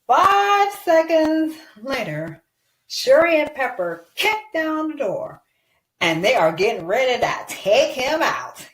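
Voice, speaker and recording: Woman, toy-play narrator, high lively voice, excitable, slow delivery, echoey room. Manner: excitable, cheering and sound effects.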